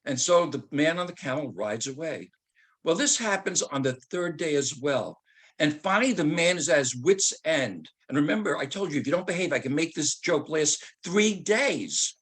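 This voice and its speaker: Older male speaker, husky, fairly high pitch; a retired teacher spinning a joke into a lesson. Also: animated, moderate pace, a bit bright. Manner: teacherly, joking, asks rhetorical questions. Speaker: speaker and author. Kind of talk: storytelling talk.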